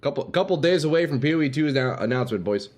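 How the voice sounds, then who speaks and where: This game streamer talks rapid-fire in a slightly high voice with lively intonation and a darkish tone. His casual chat with viewers is laid-back and slangy, peppered with "dude" and "boys."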